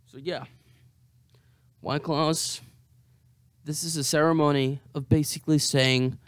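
Hungover young male vlogger, slow and unhurried delivery, smooth clear voice, profane and self-mocking. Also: a little high, fairly even intonation, dry recording, studio quality. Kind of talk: casual monologue to camera.

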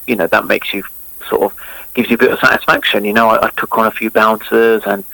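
A man's voice: lowish voice, steady tone, fast talker, vocal fry, bright, forceful tone, dry recording, rough recording. A man, a former cricketer, chatting as an interview guest in a rambling way full of fillers. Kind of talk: casual interview chat.

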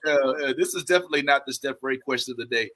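A man hosting a casual podcast chat, animated and laughing often as he talks. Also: medium pitch, fast, poor audio. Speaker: podcast host.

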